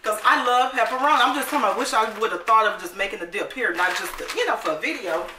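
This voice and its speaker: A woman hosting a casual cooking vlog, upbeat and chatty, often calling her viewers "baby" and saying she is excited. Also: on the high side. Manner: excited, admits talking fast. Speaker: cooking channel host. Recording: roomy echo, mic at a distance, faint noise.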